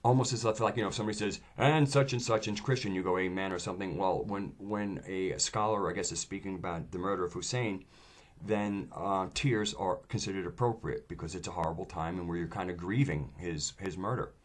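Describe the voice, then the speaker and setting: A man with a fairly low voice talks through a casual video monologue. He meanders from thought to thought, stalls on fillers and restarts, and trails off when he searches for a word. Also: brisk. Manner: rambling and hesitant, with many fillers. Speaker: video host.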